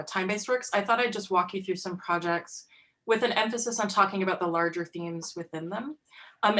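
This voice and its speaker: A woman's voice: on the low side, fairly bright tone, low-quality recording. A woman giving an artist talk over a video call, casual and chatty with a lot of fillers.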